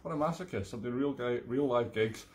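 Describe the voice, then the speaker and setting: Middle-aged musician host, casual and self-mocking, chatting to viewers from home, average pitch. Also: male voice, a little fast, slight background noise. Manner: rambling, self-mocking, reading comments aloud. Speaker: musician hosting a live stream. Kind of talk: casual live-stream chat. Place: home room.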